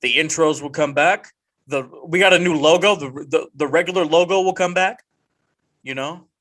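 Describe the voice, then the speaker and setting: A man hosts a casual chat podcast with a bright, forceful voice. He jokes in a mock-dramatic way and rambles with frequent restarts. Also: fairly high pitch, normal speed. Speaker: podcast host.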